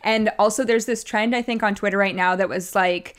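Young female co-host, quick casual chatter, animated. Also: mid-range voice. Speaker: podcast co-host. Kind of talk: casual chat about theater awards.

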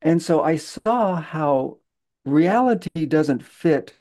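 Man, guest, storytelling, halting, lots of fillers, warm mellow tone. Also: a little high, lively intonation. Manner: halting, many fillers and restarts. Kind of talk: conversational storytelling.

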